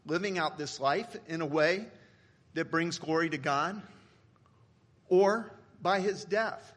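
Male pastor, 50s, sermon delivery; husky, slightly high voice, joking then hushed. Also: slow pace. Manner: humorous storytelling, swinging from loud to hushed.

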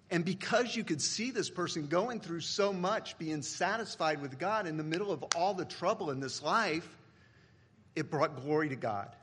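A man in his fifties, a pastor preaching a sermon with humorous stories, swinging between loud punchlines and hushed reflection. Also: high-pitched, slightly rough.

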